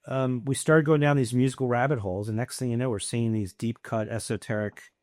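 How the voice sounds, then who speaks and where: A middle-aged man, an entrepreneur guest on a podcast, telling casual stories with lively anecdotes and acted-out dialogue. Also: mid-range voice, brisk, no echo, clean studio sound.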